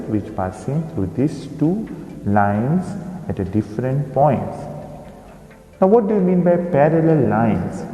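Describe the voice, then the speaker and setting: A man teaching a recorded maths lesson, explaining slowly and pointing out figures on screen. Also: medium pitch, warm tone. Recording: echoey room with long reverb.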